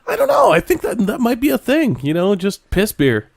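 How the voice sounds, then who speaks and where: A man's voice: sits high, wildly swooping pitch, gravelly. A man co-hosting a podcast in casual, profane banter, rambling and laughing easily. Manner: rambling, swears freely, quick to laugh. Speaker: podcast co-host.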